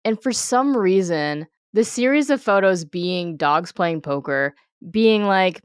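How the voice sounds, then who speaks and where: A woman co-hosting a podcast, recapping a show with deadpan quips and frequent laughter. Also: fairly low pitch, slow pace, clear, resonant tone, no room sound, studio quality. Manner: deadpan one-word quips, laughs often. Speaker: podcast co-host. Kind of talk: casual recap chat.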